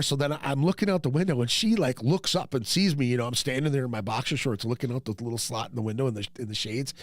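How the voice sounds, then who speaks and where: Profane, rambling male podcast host. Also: dry recording. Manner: rambling, profane, self-mocking, restarts often; jumps into high yelps when quoting himself. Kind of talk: casual storytelling monologue.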